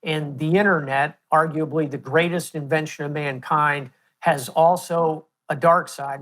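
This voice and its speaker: A man in his sixties with an American accent, a guest answering interview questions in a measured, storytelling way. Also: a little high. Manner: measured, storytelling with historical examples. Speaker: guest, retired admiral.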